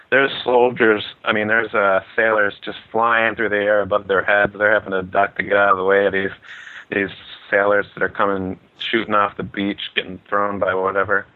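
A man co-hosting a podcast, summarizing in a laid-back, self-deprecating casual chat. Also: lowish voice. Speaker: podcast co-host. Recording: tinny phone line.

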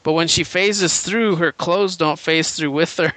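A man's voice: on the high side, a little slow, sharp tone, no room sound. A man co-hosting a casual podcast, retelling comic stories in a rambling, enthusiastic way with many fillers. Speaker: podcast co-host. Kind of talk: casual comic book chat.

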